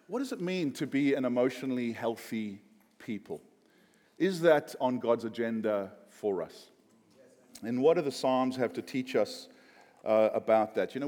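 A man preaching a conversational sermon, joking and chatty with frequent fillers. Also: mid-range voice. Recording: long hall reverb.

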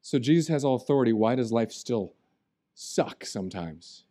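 A man preaching a sermon as pastor, animated and jokey, swinging between loud and quiet. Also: medium pitch, moderate pace. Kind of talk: humorous sermon.

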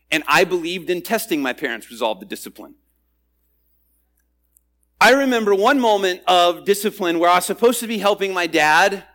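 Expressive high-voiced male pastor preaching. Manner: expressive, swings between loud emphasis and quiet asides. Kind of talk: sermon.

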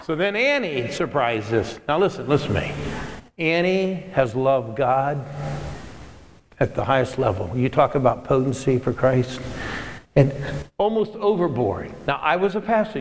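A middle-aged man preaching a sermon as pastor, animated and rousing, calling out to his congregation. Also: a little high, in a large hall, slight background noise. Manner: animated, rousing, calls on the crowd.

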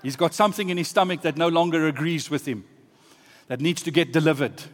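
Animated preacher man in a reverberant hall. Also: fairly high pitch, a little fast. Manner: storytelling, swinging from hushed asides to loud exclamations. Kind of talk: sermon.

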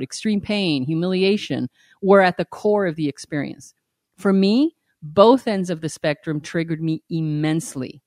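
A woman's voice: low voice, no room sound, studio quality. A woman hosting a podcast in casual, candid chat, frank and blunt and often laughing. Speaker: podcast host.

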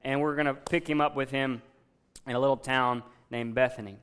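A man's voice: medium pitch, steady tone, fairly quick, fairly bright tone, smooth. A man preaching a sermon in a conversational way, retelling a Bible story and asking his listeners questions. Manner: conversational, asks the congregation questions.

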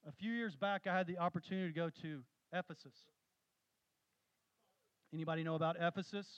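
A man preaching a sermon, telling stories with animated, rising emphasis. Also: on the high side, clear, resonant tone, no echo, muffled recording. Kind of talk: sermon with storytelling.

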